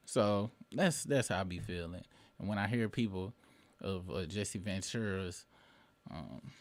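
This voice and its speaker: A man's voice: sits low, unhurried, dry recording. A man in his late thirties hosting his own show, delivering a rambling, profane commentary monologue with emphatic bursts. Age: late 30s. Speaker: show host.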